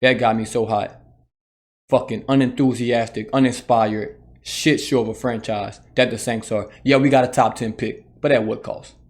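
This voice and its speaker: A man's voice: medium pitch, steady tone, moderate pace. Heated man ranting as a fan. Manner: heated, profane, repetitive ranting. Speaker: sports channel host. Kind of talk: solo fan rant.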